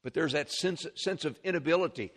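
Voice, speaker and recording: A male pastor preaching a sermon, animated, with restarts and repeated words and side remarks to the congregation. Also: a little high, brisk.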